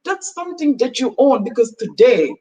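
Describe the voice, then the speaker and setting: This Gambian panel guest's voice is fairly high and dark-toned, swinging widely in pitch at a normal speed. She offers earnest, preachy advice in motivational talk-show chat, performing quoted back-and-forths. Faint noise surrounds the distant mic.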